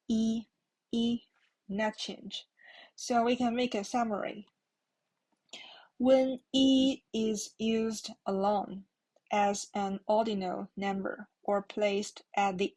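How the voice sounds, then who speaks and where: A woman's voice: medium pitch, darkish tone, low-quality recording. A woman with a Chinese accent teaching a language lesson, patiently repeating words for learners. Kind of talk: slow classroom lesson.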